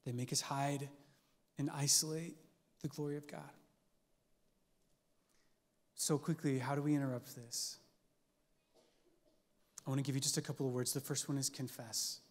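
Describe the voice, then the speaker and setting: A man's voice: mid-range voice, flat delivery, normal speed, long pauses. A man giving an earnest, conversational sermon as a pastor, with casual filler words. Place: church hall. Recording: long church-hall reverb.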